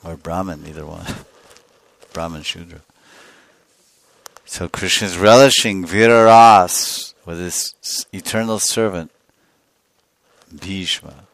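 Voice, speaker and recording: Speaking slowly in a deep voice with frequent pauses, a man lectures on scripture as a spiritual teacher. The recording is dry, and he brings his stories to life by acting out scenes.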